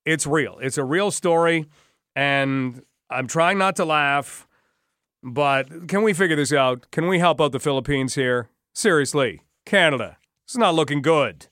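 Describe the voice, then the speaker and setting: A male radio talk host, slightly high-pitched, speaking wryly and with disbelief, firing off rhetorical questions. His voice comes through a close studio mic, dry and tight with no room around it. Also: a little slow, fairly bright tone, dry recording. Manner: wry, incredulous, asks many rhetorical questions. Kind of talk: radio talk show commentary.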